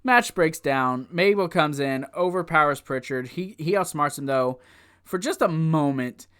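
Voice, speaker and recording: Excitable man recapping old wrestling. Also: fairly high pitch, measured pace, smooth. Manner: excitable, laughs often, rambling asides. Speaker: wrestling show reviewer. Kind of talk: casual recap commentary.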